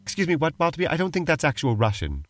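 A man's voice: on the high side, huge pitch swings, fast. A man co-hosting a comedy show, answering his partner in a dry, skeptical, prim way. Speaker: co-host. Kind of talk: comedic improvised role-play banter.

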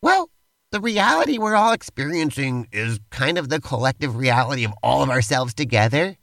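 A man's voice: mid-range voice, very animated, normal speed, gravelly, a bit bright, no echo. A man co-hosting a podcast, narrating a playful role-play and bantering with enthusiasm. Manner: enthusiastic, talky, uses "like" a lot. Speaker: podcast co-host.

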